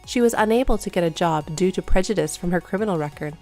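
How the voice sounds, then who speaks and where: A woman telling a first-person story in a calm, matter-of-fact way. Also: fairly low pitch, fast talker, faint music behind. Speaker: narrator.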